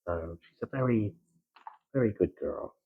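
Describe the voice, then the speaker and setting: A man with a Gloucestershire accent chatting softly in a slow, halting ASMR style, with many pauses and drifts into whispering, close to the microphone. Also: fairly low pitch, animated, slightly rough, narrow, tinny audio. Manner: soft-spoken, slipping into whispers. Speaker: ASMR creator. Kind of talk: soft-spoken ASMR chat.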